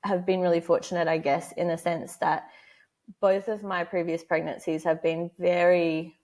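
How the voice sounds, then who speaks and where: A woman's voice: fairly low pitch, level tone, normal speed, a little mellow. A woman in her thirties, a podcast guest, chatting casually and laughing often as she acts out the people in her story. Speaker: podcast guest, motherhood educator.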